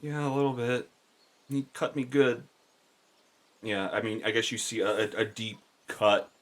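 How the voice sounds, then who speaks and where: A man voicing a wounded, wary female unicorn in a tabletop game, asking anxious, rushed questions. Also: medium pitch, close to an everyday voice. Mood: shaken.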